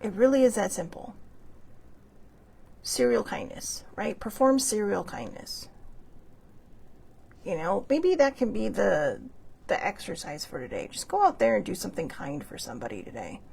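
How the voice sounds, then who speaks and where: Gravelly, husky-voiced woman host rambling. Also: medium pitch, big pitch swings, normal speed, a little mellow. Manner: rambling and conversational, with frequent fillers and restarts; earnest, with bursts of laughter and mild swearing. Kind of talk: casual monologue.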